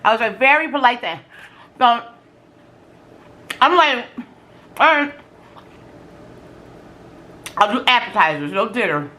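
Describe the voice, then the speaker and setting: High, bright-voiced woman vlogger. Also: slow, pauses often. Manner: animated, slangy, exclaiming and quoting herself. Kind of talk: casual storytelling during a food challenge.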